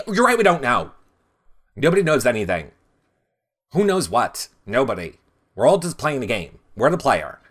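A man hosts a recap show in a casual, chatty way. He is tired but animated, and his pitch swings widely as he jumps into high mocking impressions of people. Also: moderate pace, long pauses. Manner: animated, mimics houseguests in high voices.

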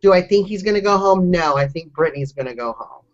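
High-voiced man in playful banter. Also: expressive, fast. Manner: playful, teasing, giggly banter. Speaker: podcast co-host. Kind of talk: casual chat. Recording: dull lo-fi recording.

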